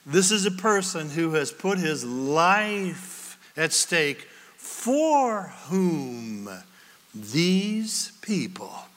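A man's voice: fairly high pitch, a bit bright, in a large hall. A man preaching a sermon as pastor, in a conversational way with wry humor.

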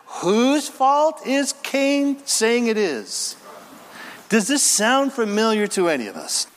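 A man preaching a sermon as pastor, emphatic and animated, going verse by verse with asides to the congregation. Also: extremely high pitch, takes it slowly. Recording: reverberant hall.

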